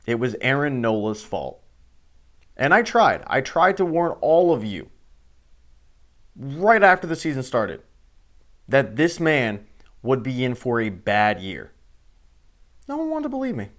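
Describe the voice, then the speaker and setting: A man's voice: mid-range voice, sing-song, unhurried, long pauses. Heated, sarcastic sports show host man. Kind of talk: sports commentary rant.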